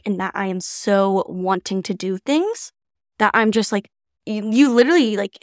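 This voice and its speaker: A bubbly young woman co-hosting a podcast, speaking in a mid-pitched voice. The recording is close and dry, with no room sound, and her chat is upbeat and eager. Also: dry recording. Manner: bubbly and enthusiastic. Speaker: podcast co-host.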